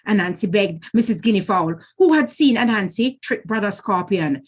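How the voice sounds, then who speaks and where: A woman reading a folk tale to children in an expressive, animated way. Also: medium pitch, normal speed, few pauses, husky. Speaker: storyteller.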